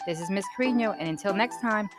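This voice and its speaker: A woman teacher hosting a school podcast, giving an upbeat scripted sign-off and reading out her thanks in an even cadence. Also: medium pitch, quick pace, over music.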